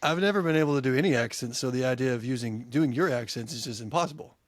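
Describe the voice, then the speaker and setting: A man co-hosting a podcast, tossing in quick jokes during casual chat. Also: mid-range voice, no echo. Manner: quick joking interjections. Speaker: podcast co-host.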